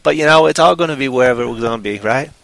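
Bright-voiced man rambling on a podcast. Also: mid-range voice, racing, gravelly, dry recording, low-quality recording. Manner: rambling, jokey, bursts into loud silly voices. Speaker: podcast co-host. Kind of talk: casual chat.

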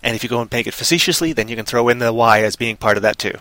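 A man's voice: medium pitch, rapid-fire, bright, forceful tone, no echo. A man hosting a casual live show, talking in a hyper, playful way full of wordplay. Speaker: show host.

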